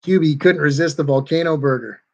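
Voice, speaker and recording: A man's voice: a little high, a little fast, dull audio. A man hosts a casual livestream, reading viewer comments aloud. His delivery is laid-back and conversational, with easy replies between the comments. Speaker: livestream host reading chat. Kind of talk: casual chat.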